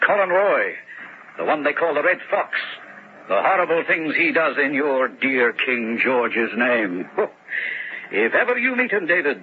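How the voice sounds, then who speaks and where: An actor playing a bold, jaunty Highland swordsman in an old radio drama, full of teasing bravado. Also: lightly acted. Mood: scornful. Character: swaggering bold Highland swordsman, adult man. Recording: muffled old radio recording with loud hiss.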